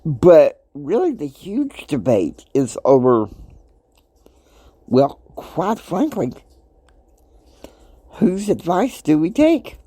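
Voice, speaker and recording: A man in his fifties hosting a motivational podcast, talking emphatically and preachily. He swings between soft asides and loud outbursts. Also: on the high side, huge pitch swings, slow pace, pauses often, slightly rough, no room sound. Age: 50s. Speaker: podcast host.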